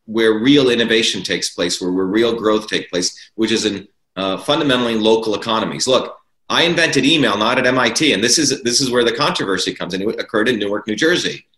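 A man's voice: fairly low pitch, brisk, fairly bright tone. A man arguing his political views as an interview guest, emphatic and repeating key words for stress. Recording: roomy echo.

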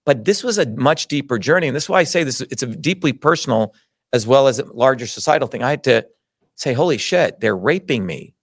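A man's voice: mid-range voice, quick pace, no echo, clean studio sound. A middle-aged man telling his own story in an interview, indignant, emphatic and full of swearing. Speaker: interview guest. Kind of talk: heated personal storytelling.

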